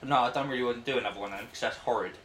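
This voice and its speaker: A man's voice: mid-range voice, very fast, fairly bright tone, slight background noise. A man in casual banter, grumbling and protesting.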